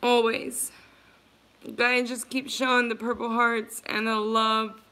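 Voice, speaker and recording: A woman's voice: a little high, little pitch movement, slow, bright, forceful tone. A woman hosting a livestream, speaking earnestly and emotionally to her viewers, repeating herself as she offers support. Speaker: livestream host.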